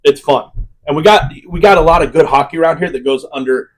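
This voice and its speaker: Upbeat, rambling man with a higher voice. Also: fast talker. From Iowa, United States. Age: adult with children. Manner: upbeat, rambling, many fillers. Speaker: podcast co-host. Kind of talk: casual podcast chat.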